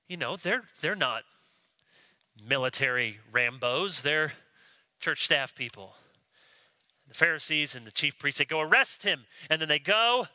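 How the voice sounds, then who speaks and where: A man preaching a sermon, animated, acting out quoted voices as he explains a Bible passage. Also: high-pitched, no echo. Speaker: pastor.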